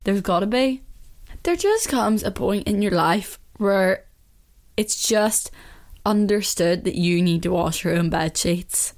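A woman's voice: medium pitch, animated, slow pace, a little mellow. A young woman with a Northern Irish accent, hosting a casual solo podcast in a chatty, opinionated way and laughing often. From Northern Ireland. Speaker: podcast host.

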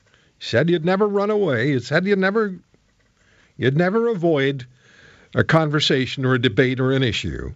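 A male talk radio host whose pitch swings widely as he needles, jokes and pushes his guests. He speaks into a studio microphone, and the broadcast sounds dry and slightly dull. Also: sing-song, normal speed, long pauses, dry recording. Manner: combative, rhetorical and jokey.

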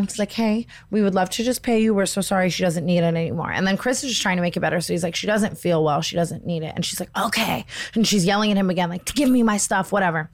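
A young woman with a fairly low voice tells a story on a casual podcast. She talks in an animated way, says "like" constantly and jumps up high to act out shrill quoted voices. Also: fast talker. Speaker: podcast co-host.

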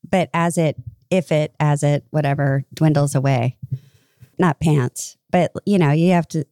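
A woman's voice: sits low, fairly even intonation, a little slow, mellow, dry recording, clean studio sound. A woman co-hosting a casual chat, rambling and cutting herself off mid-sentence. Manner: rambling, self-interrupting. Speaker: podcast co-host.

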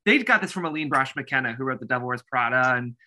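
A man co-hosting a screenwriting podcast in casual, upbeat chat, quick to laugh. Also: mid-range voice, expressive, sharp tone. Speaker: podcast co-host.

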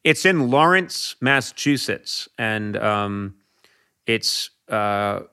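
Man with a bright, animated voice. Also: lowish voice, takes it slowly, smooth. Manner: earnest, animated storytelling with frequent restarts. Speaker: podcast guest. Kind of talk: casual conversation.

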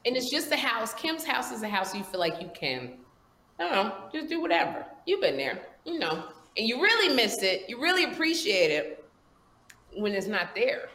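A woman's voice: on the high side, moderate pace, reverberant. A woman on a video call, chatting casually in loose run-on sentences. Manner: animated, rambling, talks in loose run-on sentences. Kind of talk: casual chat.

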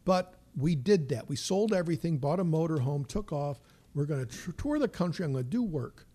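An older comedian chatting as a guest, rambling through stories and repeating words as he goes. His voice is husky and sits somewhat high for a man. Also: animated, a little fast, dark tone. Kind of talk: casual storytelling chat.

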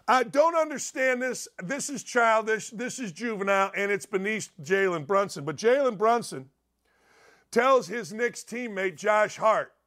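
A middle-aged man hosting a sports talk show, loud, rambling and jokey, swinging from shouts to low mutters. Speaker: sports radio host. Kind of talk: energetic sports talk monologue.

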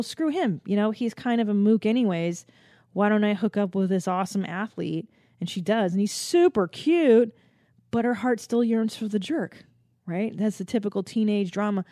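A woman's voice: medium pitch, mellow, no room sound, clean studio sound. A woman in her forties from the Los Angeles area hosting a podcast, rambling in a casual, profane and self-mocking comedic monologue. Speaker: podcast host.

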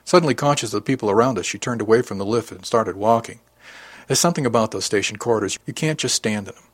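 Low, husky male narrator for a first-person audiobook; measured delivery, dry booth sound. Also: no room sound.

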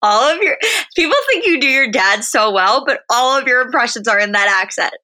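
A woman's voice: fairly high pitch, expressive, fairly quick, pushed and bright. A woman co-hosting a casual recap podcast, blunt and emphatic, swearing freely. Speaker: podcast co-host.

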